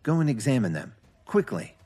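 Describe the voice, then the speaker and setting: A man voicing a commanding woman company president in a read-aloud story, speaking in crisp orders. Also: medium pitch, big pitch swings, a little fast, warm tone, soft background music, voice pushed up.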